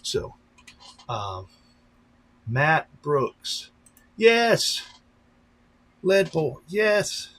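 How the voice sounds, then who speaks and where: A man hosting a casual live stream, rambling along with many fillers and restarts and slipping into lively voices when he retells a story. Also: mid-range voice, husky, low-quality recording. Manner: breaks into animated voices when retelling stories. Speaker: channel host on a live stream.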